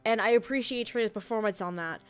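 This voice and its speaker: A woman's voice: on the high side, quick pace, smooth. A woman hosting a casual podcast chat, rambling and self-correcting, laughing often. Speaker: podcast host reviewing an audio drama.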